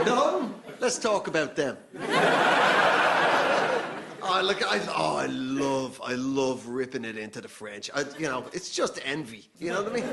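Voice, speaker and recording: Irish male comic, excitable ranting, high voice with wide swings. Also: creaky. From Ireland. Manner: excitable, animated rants. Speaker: stand-up comedian. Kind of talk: live stand-up comedy. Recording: noisy live venue recording.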